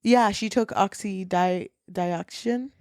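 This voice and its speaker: A woman's voice: mid-range voice, slow pace, darkish tone, clean tone, no room sound. Candid woman podcaster, close and dry. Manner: loose and candid, swears freely, quotes characters dramatically. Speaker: podcast co-host. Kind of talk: casual book discussion chat.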